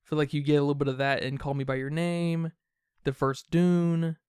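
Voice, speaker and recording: Guy on a podcast mic, kinda high voice, smooth and dry, talks fast in bursts. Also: little pitch movement, darkish tone, no room sound. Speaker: podcast co-host. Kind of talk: casual film discussion.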